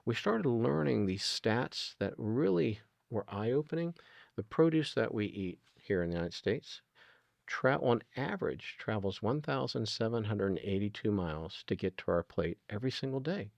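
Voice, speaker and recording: A man's voice: lowish voice, expressive, normal speed, gravelly, no echo. A middle-aged man talking earnestly as an interview guest, retelling conversations with plenty of ums and you-knows. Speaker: guest, food nonprofit founder.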